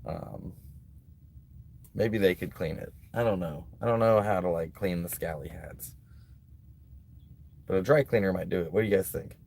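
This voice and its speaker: Low gravelly laid-back man. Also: normal speed, pauses often, a little mellow. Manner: rambling, laid-back, full of "like" and "um". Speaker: livestreaming vlogger. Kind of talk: casual live-stream chat reading donations. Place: at a beach, outdoors.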